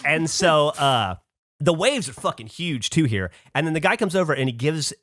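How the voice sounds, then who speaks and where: A man hosting a podcast who tells a story in casual chat. He is animated, swears casually and acts out other people's lines. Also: on the high side, moderate pace. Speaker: podcast host.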